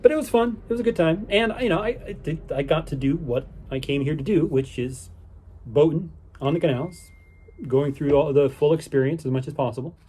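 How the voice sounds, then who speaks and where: A man's voice: on the high side, a little fast, mellow, husky. Rambling man recapping his day. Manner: rambling, with many fillers and restarts; easygoing and upbeat. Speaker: vlogger on a canal boating holiday. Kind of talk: casual spoken recap.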